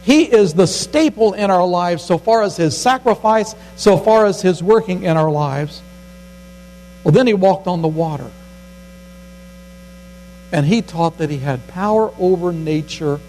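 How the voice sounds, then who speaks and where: A man's voice: lively intonation, measured pace, darkish tone, soft background music, rough recording. An older man, a grandfather, preaching a sermon in a folksy way, acting out the scripture quotes. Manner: folksy, acts out quotes with rising pitch. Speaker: pastor.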